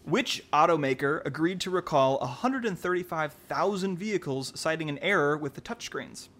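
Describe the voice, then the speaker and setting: A man with a somewhat high voice hosts a relaxed trivia game. He reads each question plainly, then chats loosely about the answer and laughs easily. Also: moderate pace. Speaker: quiz host. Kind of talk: casual quiz show hosting.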